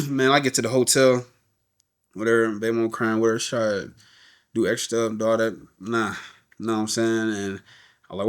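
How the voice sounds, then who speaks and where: A man's voice: on the low side, level tone, normal speed, clear, resonant tone. An adult man, a podcast guest, candidly telling his life story in a loose, casual way, often repeating words and asking "you know what I'm saying.".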